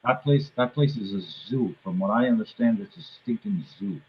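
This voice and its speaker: Halting man with a Boston accent. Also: mid-range voice, creaky, muffled recording. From Cape Cod, Massachusetts. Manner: halting, restarts a lot, jokey. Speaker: live stream host. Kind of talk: casual live stream chat.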